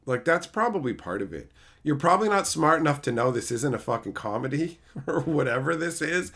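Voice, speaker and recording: Animated, bright-voiced ranting male streamer. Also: on the high side, fairly quick. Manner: profane, ranting. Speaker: streamer reading chat. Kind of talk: casual livestream chat.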